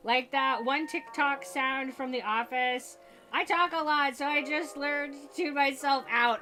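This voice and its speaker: A woman's voice: high-pitched, normal speed, soft background music. A woman streamer chatting casually with her viewers, telling candid stories and acting out both sides of conversations. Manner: candid, animated storytelling with quoted voices. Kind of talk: casual chat.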